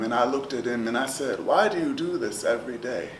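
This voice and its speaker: A man performing spoken word poetry, rhythmic and chanting, with swings from loud to hushed. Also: medium pitch, a little fast, hardly any pauses. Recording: roomy, distant live recording with noise.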